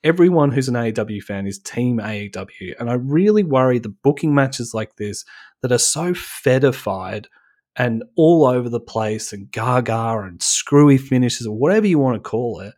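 A male podcast co-host in an excited, swearing rant. His voice swings through a wide, lively pitch range as he vents in loose, casual chat. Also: moderate pace. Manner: animated, ranting, swears freely.

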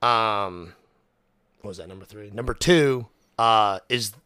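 A man's voice: lowish voice, slow, pushed and bright, clean tone, no room sound, studio quality. A young man hosting a podcast, chatting casually and animatedly, swearing often and acting out quotes. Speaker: podcast host. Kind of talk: casual chat.

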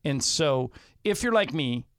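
A man's voice: on the high side, very animated, a little slow, fairly bright tone, clean tone, dry recording, studio quality. A man co-hosting a sports radio show, telling stories in a chatty, casual way. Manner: storytelling, chatty. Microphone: studio mic.

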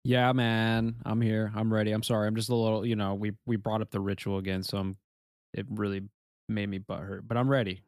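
A man's voice: lowish voice, level tone, fairly quick, darkish tone, no echo, studio quality. A man co-hosting a podcast in casual chat, laid-back and joking. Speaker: podcast co-host.

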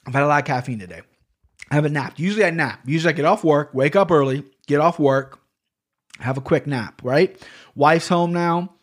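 A man in his thirties hosting a solo podcast, rambling and excitable with lots of swearing and restarts. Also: a little high, brisk. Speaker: podcast host. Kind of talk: casual solo podcast monologue.

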